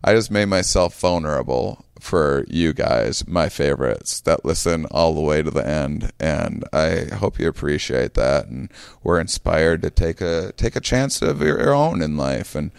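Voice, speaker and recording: A man's voice: rumbling low, animated, unhurried, gravelly, clear, resonant tone, no room sound, studio quality. A tired man hosting a podcast, rambling casually and laughing at himself. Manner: rambling, self-mocking, laughs often. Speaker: podcast host.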